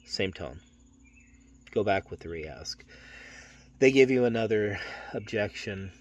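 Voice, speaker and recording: A middle-aged man training insurance telesales agents, talking through a phone script in a steady, matter-of-fact way and acting out the salesman's lines. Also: lowish voice, takes it slowly.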